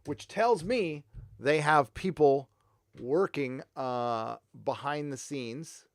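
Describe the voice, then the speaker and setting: A man's voice: a little high, slow, no room sound, clean studio sound. A man hosting a casual livestream, talking bluntly and profanely in a loose, rambling way. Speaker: livestream host.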